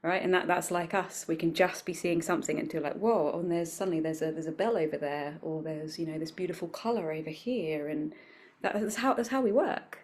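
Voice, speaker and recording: A woman talks as an interview guest, her voice sitting fairly low. She is reflective and animated, slipping into small quoted voices as she explains her points. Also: fairly quick. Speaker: guest, wellbeing coach for business leaders. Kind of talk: conversational interview.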